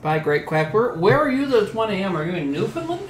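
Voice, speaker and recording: A man's voice: high voice, sing-song, fast, slight background noise. Loose, joking man in a roomy room. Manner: loose, crude jokey banter while eating. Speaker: streamer reading chat. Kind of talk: casual livestream chat.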